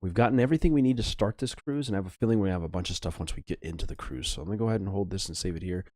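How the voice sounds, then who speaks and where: A man's voice: deep voice, very fast, a little mellow, dry recording, clean studio sound. A young man giving casual, chatty let's-play commentary over an old adventure game, swearing offhandedly.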